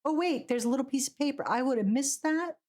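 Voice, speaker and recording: A woman's voice: high voice, fast, noisy background. A woman streaming a game live, chatting casually and ranting animatedly with frequent laughs. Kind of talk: casual live gameplay commentary.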